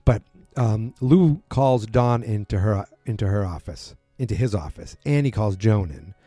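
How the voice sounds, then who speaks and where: A man's voice: fairly low pitch, measured pace, breathy edge, dry recording, studio quality, soft background music. A man casually recapping a TV episode, rambling and correcting himself as he acts out bits of dialogue. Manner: rambling, self-correcting, animated quotes.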